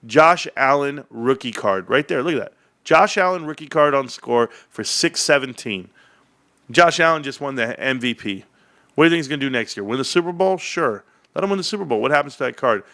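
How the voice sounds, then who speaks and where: A man's voice: medium pitch, gravelly. A man hosting a casual livestream, rambling and joking as he chats and reads the chat. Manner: rambling, animated, jokey. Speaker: livestream host.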